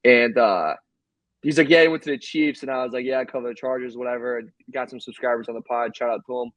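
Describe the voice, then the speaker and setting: A man's voice: mid-range voice, fairly even intonation, quick pace, no echo, poor audio. Man rambling in a sports podcast. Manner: rambling, joking storyteller. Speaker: podcast co-host. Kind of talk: casual sports chat.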